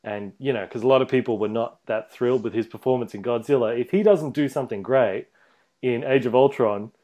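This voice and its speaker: A man's voice: mid-range voice, a little fast, warm tone, dull audio. A man, co-hosting a podcast, talking about films in a rambling way with lots of fillers and laughs. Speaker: podcast co-host. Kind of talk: casual movie chat.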